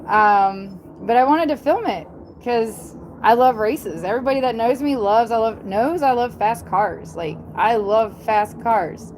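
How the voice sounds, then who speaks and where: A woman's voice: a little high, a little slow, few pauses, slight background noise. A woman from the American South with a Southern accent, chatting casually on a livestream, rambling and repeating herself with lots of ums and blunt asides. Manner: rambling, repetitive, blunt with frequent ums and mild swearing. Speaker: YouTuber on a livestream.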